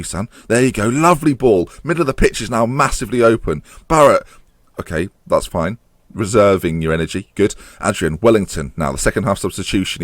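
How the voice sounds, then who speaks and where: Excitable man, animated pitch. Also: no echo, studio quality. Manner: excitable, voice climbs high-pitched as chances near; swears and groans at the match. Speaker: gamer playing a football management game. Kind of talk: live let's-play commentary.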